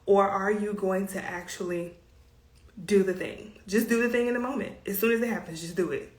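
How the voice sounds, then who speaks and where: A woman with a Southern US accent hosts a casual self-care talk, chatty and emphatic with playful asides. Her voice sits at an ordinary middle pitch. The room around her rings with audible echo. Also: fairly even intonation, moderate pace. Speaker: self care coach and host. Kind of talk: casual advice monologue.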